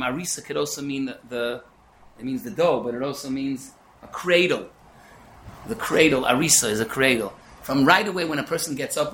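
A man giving a Torah lecture, telling stories with words mixed in. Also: on the high side. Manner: animated storytelling peppered with Yiddish. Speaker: yeshiva lecturer. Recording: echoey room with faint ambience.

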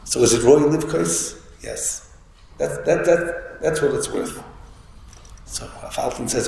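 A man's voice: on the high side, animated, a little slow, vocal fry. A man giving a Torah lecture, telling a story with many restarts and Hebrew and Yiddish terms. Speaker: rabbi giving a Torah talk. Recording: echoey hall with faint room noise.

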